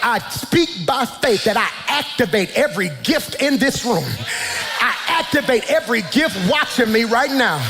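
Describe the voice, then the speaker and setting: A fervent pastor with a high voice for a man, preaching at full force and shouting his points in rising calls. His voice rings with a long hall reverb, and soft music plays under him. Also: animated, normal speed. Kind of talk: sermon.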